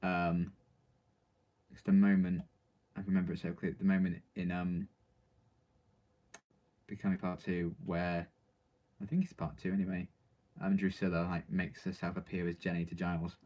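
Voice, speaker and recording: A man's voice: low voice, flat delivery, normal speed, pauses often, darkish tone. A man reading out viewer questions and answering them in casual, rambling live-stream chat, full of ums and likes.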